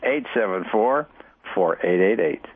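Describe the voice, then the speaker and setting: A man's voice: on the low side, lively intonation, measured pace. A man hosting a call-in health radio show as a doctor, chatty and explaining plainly, laughing often. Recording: phone-like radio broadcast.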